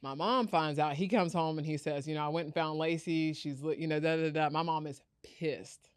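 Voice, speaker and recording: A woman's voice: low-pitched, moderate pace, smooth, dry recording, clean studio sound. A young adult woman, a startup founder telling her story in an interview and acting out the voices of others. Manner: animated, acts out quoted voices.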